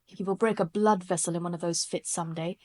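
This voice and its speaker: A woman's voice: lowish voice, steady tone, a little fast, a little mellow, no echo, natural voice. Narrator doing a curt, irritable male doctor, middle-aged.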